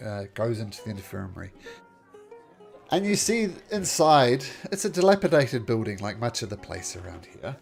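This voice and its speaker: A man narrating a tabletop game as game master, halting often and filling gaps with "uh". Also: fairly low pitch, darkish tone. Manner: halting, full of fillers.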